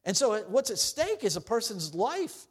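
A middle-aged male pastor delivers a sermon in a somewhat high voice. He preaches earnestly, rising loud and high when quoting scripture and sinking low and soft when asking his listeners questions. His talk is plain and direct, with a few restarts. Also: big pitch swings, moderate pace, slightly rough.

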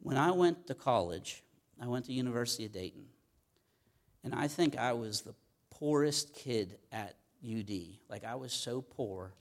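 Pittsburgh pastor, middle-aged man, chatty sermon delivery, mid-pitched voice. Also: lively intonation, normal speed. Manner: conversational preaching, frequent "okay?" check-ins.

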